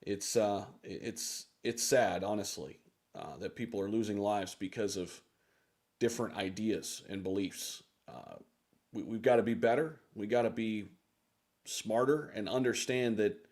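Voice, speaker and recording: A man's voice: lowish voice, a little slow, a little mellow. A man hosting a live crypto audio room, talking earnestly with many fillers and restarts. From United States. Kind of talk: casual live talk.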